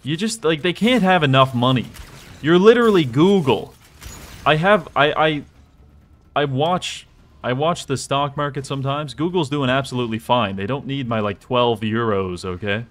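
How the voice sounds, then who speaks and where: A young man streaming a game, chatting casually with jokes and sudden excited exclamations as he plays. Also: mid-range voice, moderate pace. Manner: rambling, joking, bursts into excited exclamations. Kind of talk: casual live gameplay commentary.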